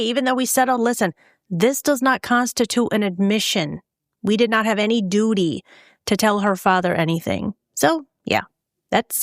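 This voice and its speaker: A woman's voice: mid-range voice, no echo. Woman podcast host telling a true crime story, blunt and kinda salty, dry close sound. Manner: blunt and salty, openly scornful asides.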